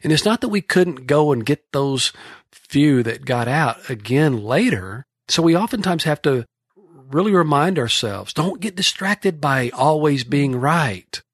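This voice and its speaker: A man's voice: on the high side, big pitch swings, a little slow, slightly rough, no echo, studio quality. A man from Texas with a Texan accent, a horse trainer telling folksy, rambling stories on a podcast. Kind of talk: casual podcast storytelling.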